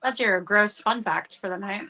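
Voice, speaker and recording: A woman's voice: medium pitch, moderate pace, sharp tone, low-quality recording. A woman co-hosting a casual wrestling watch-along, curious and frank, swearing casually. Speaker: co-host. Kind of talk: casual chat.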